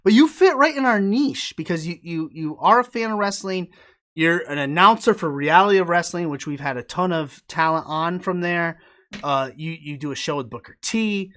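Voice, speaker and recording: Joking podcast host from upstate New York. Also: male voice, a little high, animated, moderate pace, fairly bright tone. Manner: joking, loose, swears casually. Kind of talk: casual live interview chat.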